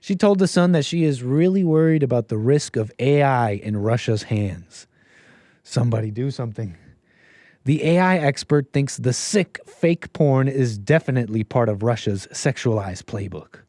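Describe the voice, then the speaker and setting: A man's voice: medium pitch, expressive, moderate pace, mellow, dry recording, clean studio sound. A man hosting a solo commentary livestream, sarcastic and mocking, often laughing at what he reads. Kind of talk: solo political commentary stream.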